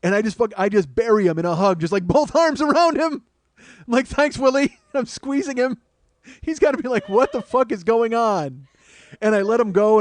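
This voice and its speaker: A man's voice: high voice, no echo. A man hosting a comedy podcast, telling a rambling, profane, self-mocking personal story.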